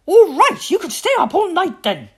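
A woman's voice: a little high, wildly swooping pitch, slow, a little mellow, pitched above the performer's own voice, heavily acted. A woman voicing a strict but loving mother tiger in a storybook reading, firm and exasperated.

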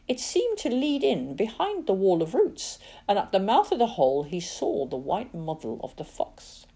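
A woman giving a dramatic, expressive reading of a children's novel as its narrator. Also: medium pitch, moderate pace, gravelly, breathy edge. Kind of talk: storybook narration.

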